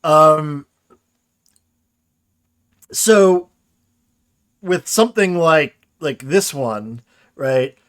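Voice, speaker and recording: A man teaches grammar over a casual livestream, with a voice pitched a little higher than most men's. He explains in a loose, conversational way, reading out chat questions and often checking in with the audience. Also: expressive, very slow, pauses often, a bit bright. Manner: casual explanatory, reads chat questions aloud, frequent "right?". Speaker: grammar lecturer. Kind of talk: livestreamed lecture with chat replies.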